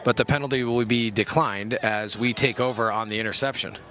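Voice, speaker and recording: A brisk, sharp-toned young commentator calls an outdoor youth football game in a medium, fairly even voice, with slight noise in the background. His style is relaxed and jokey, loaded with slang and self-mockery.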